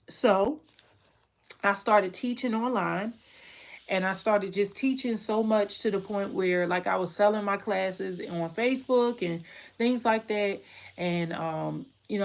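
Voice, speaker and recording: A candle-making online teacher speaks to the camera about her life in a frank, emotional way, frequently repeating points. Her voice is medium-pitched with vocal fry.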